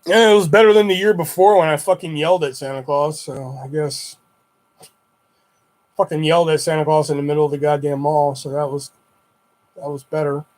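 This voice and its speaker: Swapping stories on a relaxed livestream, this young man rambles loosely and curses freely. His voice is somewhat higher than typical for a man, with a darkish tone, a flat delivery, and a fairly quick pace.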